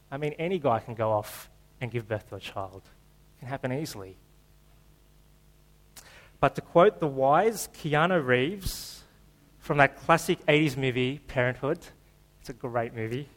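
A man's voice: mid-range voice, poor audio. A man preaches to his church in an easy, conversational way, slipping jokes between scripture readings. His voice sits mid-range for a man. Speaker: pastor. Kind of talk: sermon.

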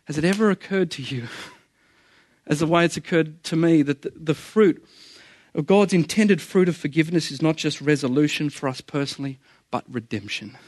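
A man's voice: on the high side, normal speed, darkish tone, dry recording, studio quality. A man preaching a sermon in an earnest, conversational way, often repeating phrases for emphasis.

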